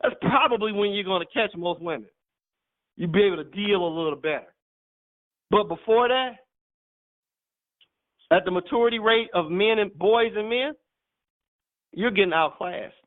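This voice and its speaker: Man preaching, emphatic, teasing, high voice, thin phone-like audio. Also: animated, moderate pace, pauses often. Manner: emphatic, teasing, laughs often. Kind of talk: sermon teaching.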